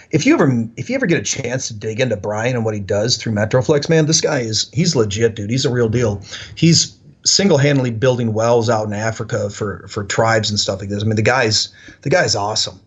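A man, a podcast guest, telling animated stories with lots of "like" fillers. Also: mid-range voice, husky. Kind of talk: casual storytelling.

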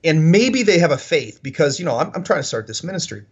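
A man, a podcast guest, telling animated stories with lots of "like" fillers. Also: fairly high pitch, fast talker, husky, dull audio. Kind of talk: casual storytelling.

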